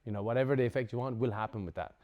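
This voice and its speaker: A man teaching a breathwork workshop to a group, casual and lively, swearing now and then and acting out examples. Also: mid-range voice, very fast, phone-quality sound. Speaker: breathwork instructor.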